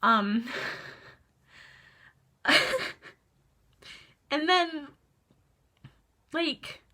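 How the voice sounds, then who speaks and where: A young woman in her early twenties talks through a book in a casual vlog review. Her voice is bright and a little high. She is sarcastic, exasperated and chatty, with lots of filler words and the odd curse. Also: expressive, extremely slow. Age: young adult.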